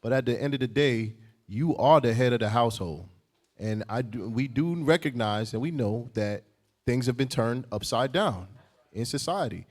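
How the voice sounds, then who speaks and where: Joking male co-teacher at mid pitch. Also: expressive, moderate pace, darkish tone. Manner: joking, conversational, playing to the room. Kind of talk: church teaching to a congregation.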